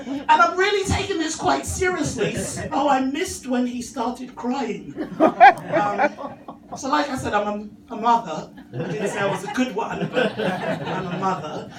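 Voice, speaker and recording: High-voiced London woman doing stand-up. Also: animated, unhurried. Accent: London English. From England. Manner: dry, self-mocking delivery. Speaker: stand-up comedian. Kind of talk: stand-up comedy set. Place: open mic venue. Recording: echoey room from far off, faint hum.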